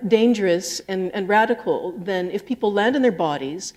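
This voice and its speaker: A woman's voice: mid-range voice, animated, normal speed, darkish tone. A woman interviewing an author on a library stage, asking long winding questions with stammered starts. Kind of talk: onstage interview.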